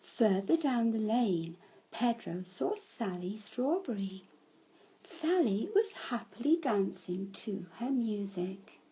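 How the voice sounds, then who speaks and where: A woman telling a children's story in a slow storybook manner, breaking into shouted cries for the characters. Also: mid-range voice, lively intonation, slightly rough, lo-fi sound.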